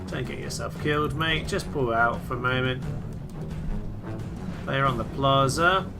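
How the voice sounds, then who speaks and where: A man giving excitable, theatrical commentary on a strategy game he is playing, often laughing and cheering. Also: medium pitch, a little slow, music in the background. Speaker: let's play host. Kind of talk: gameplay commentary.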